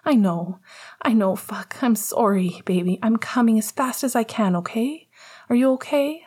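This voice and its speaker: A woman's voice: a little high, normal speed, a little mellow, breathy edge, voice pushed up. A woman voicing a young male hockey player, frantic and stammering, who swears under his breath. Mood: frantic soothing.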